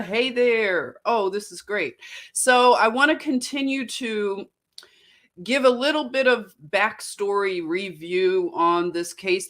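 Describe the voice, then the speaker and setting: A woman's voice: on the high side, fairly bright tone. An American woman hosting a casual livestream, greeting viewers by name and talking things through with frequent restarts and self-corrections. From United States. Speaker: livestream host.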